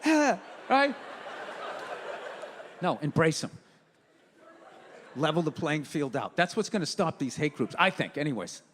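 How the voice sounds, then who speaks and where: A man's voice: a little high, animated, normal speed, pauses often, long reverb tail. A man doing a stand-up comedy set, telling profane stories in a brash, ranting way. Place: comedy stage before an audience.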